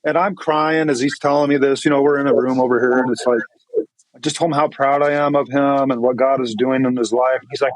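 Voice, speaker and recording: A man's voice: mid-range voice, level tone, fairly quick, no echo, low-quality recording. A man, a pastor, tells an emotional story in a podcast interview with an earnest manner and many restarts.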